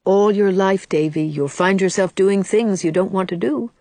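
Woman playing young woman, storybook, gentle, coaxing, earnest, dry close recording. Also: medium pitch, moderate pace, dry recording, lightly acted.

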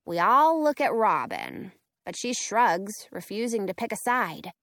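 A woman reading a children's storybook aloud in an expressive, animated way. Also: medium pitch, measured pace, dry recording, clean studio sound.

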